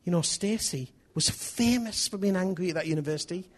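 Husky male pastor preaching animatedly. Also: sits high, fairly quick. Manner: animated storytelling, acting out dialogue. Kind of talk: sermon.

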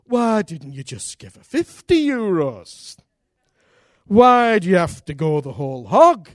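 A man's voice: sits high, big pitch swings, unhurried, no echo, clean studio sound. A man voicing his own nagging inner voice of the flesh, needling and scolding.

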